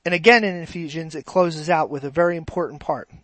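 A preacher giving a sermon, animated and asking the congregation rhetorical questions. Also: medium pitch, fast, no room sound, low-quality recording.

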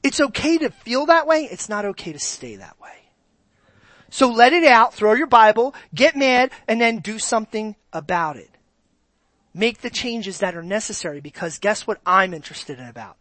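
A pastor preaching a sermon in an animated way, moving from quiet asides to loud exclamations and asking the congregation direct questions. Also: mid-range voice, moderate pace, no room sound.

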